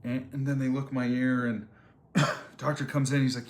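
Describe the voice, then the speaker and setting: A man's voice: mid-range voice, flat delivery, normal speed. A man in his twenties telling a personal story to camera on a trip, rambling with lots of fillers and repeated words. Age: 20s. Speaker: vlogger. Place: on a surf trip. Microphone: phone or camera, quickly made video.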